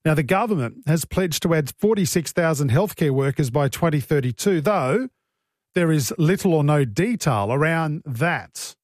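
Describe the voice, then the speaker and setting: A male breakfast radio host with an Australian accent, reading news items and dropping in brisk, wry little asides. His voice sits a touch higher than most men's. The studio sound is close and dry, with no room echo. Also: lively intonation. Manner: brisk, wry self-corrections.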